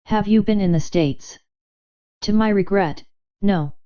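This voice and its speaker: A suave nobleman with a caressing, ingratiating manner, read by a woman narrator. The voice is mellow and smooth, set slightly apart from the narration. The audiobook recording sounds a little dull and lo-fi. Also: medium pitch, unhurried, lightly acted. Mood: probing. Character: charming, ingratiating male count, handsome nobleman.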